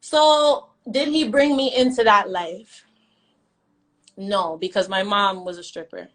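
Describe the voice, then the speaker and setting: Slow and medium-pitched, this young woman's voice comes through a rough recording. She's a vlogger telling her side in a story time rant, bluntly defiant, full of profanity, and prone to repeating herself for effect.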